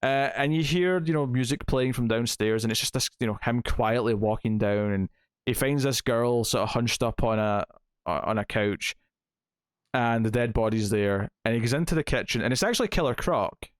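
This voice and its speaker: A man's voice: mid-range voice, moderate pace, clear, resonant tone, dry recording, studio quality. A man co-hosting a podcast, casually retelling a comic's plot with lots of fillers. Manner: chatty, retells plot with acted quotes, many fillers. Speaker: podcast co-host reviewing comics. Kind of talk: casual review chat.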